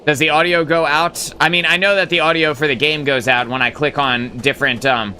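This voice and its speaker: A man's voice: on the high side, fairly even intonation, fairly quick, hardly any pauses, pushed and bright, slight background noise. A man hosting a live gaming stream, talking casually in a rambling, filler-heavy way, blunt and sometimes profane as he answers chat.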